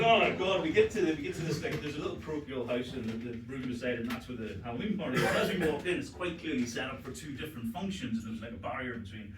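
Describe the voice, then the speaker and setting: A man's voice: medium pitch, lively intonation, fast talker, few pauses, crowd noise. A middle-aged man telling a stand-up story on stage, swearing freely and laughing through his punchlines. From Northern Ireland. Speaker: stand-up comedian. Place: comedy venue with audience. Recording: roomy live venue, distant mic, noisy.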